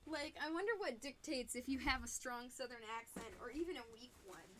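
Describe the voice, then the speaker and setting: A young woman with a Michigan accent chats through a live crafting stream, laughing easily between thoughts. Her voice sits high and rings bright. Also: lively intonation, fairly quick, slight background noise. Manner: giggly, chatty, laughs often. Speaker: fursuit maker and streamer. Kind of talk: casual live-stream chat while crafting.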